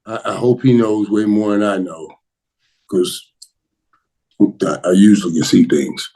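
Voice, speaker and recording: A man hosting a casual live stream and answering viewer questions, excitable and repeating himself, jumping from loud bursts to low mutters. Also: low-quality recording.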